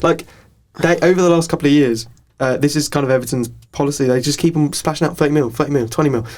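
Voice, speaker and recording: Man, rapid delivery, argumentative podcast co-host, casual chat. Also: on the high side, darkish tone.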